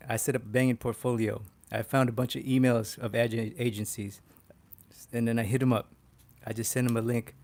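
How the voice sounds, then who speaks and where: A man, a poster artist teaching casually on a livestream, excitable, swearing freely and laughing often. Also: mid-range voice, a little fast.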